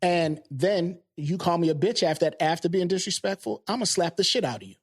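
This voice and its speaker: A man's voice: a little high, lively intonation, brisk, husky. A man co-hosting a podcast in casual chat, chiming in with short agreements and retelling stories. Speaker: podcast co-host.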